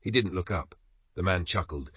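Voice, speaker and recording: A man narrating an audiobook in a steady, measured reading. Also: low-pitched, breathy edge, no echo. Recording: dry, slightly dull recording.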